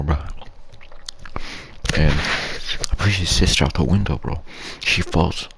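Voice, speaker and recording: A man's voice: moderate pace, a bit bright, slight background noise. A young man telling a crude, rambling ASMR story in slangy street talk, half whispered. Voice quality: low gravelly breathy voice. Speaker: YouTube storyteller.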